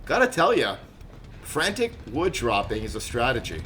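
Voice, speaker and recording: Animated man streaming a horror game. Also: medium pitch, moderate pace, a little hiss or hum. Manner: animated, joking, rambling asides. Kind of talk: live gameplay commentary chatting with viewers.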